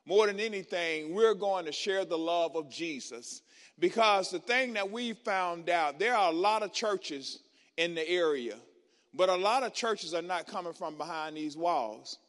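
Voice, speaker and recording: A man preaching as a guest pastor in a church, in call-and-response style with colloquial, city-style speech that builds to shouting. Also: high-pitched, lively intonation, measured pace. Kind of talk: sermon. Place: church sanctuary. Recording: long church-hall reverb.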